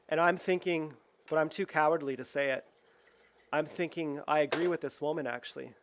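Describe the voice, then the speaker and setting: Young man, vlogger, home kitchen, slightly high voice, rambling storytelling, lots of filler words. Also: steady tone, normal speed, a little hiss or hum. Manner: rambling, full of "like" and restarts, acts out quoted voices. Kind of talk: rambling storytelling while cooking.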